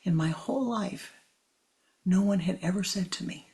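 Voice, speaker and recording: A woman giving a spiritual talk in a soft, often half-whispered delivery. Her voice is very husky and breathy, low in pitch, with a gravelly edge of fry. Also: moderate pace, pauses often. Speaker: spiritual teacher.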